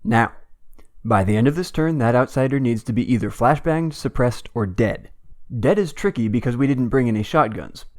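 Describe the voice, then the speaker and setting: A man narrates a strategy game with dry, sarcastic humor. He speaks in a deadpan manner at a middle pitch. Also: moderate pace. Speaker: gameplay commentator. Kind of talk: comedic scripted let's-play commentary.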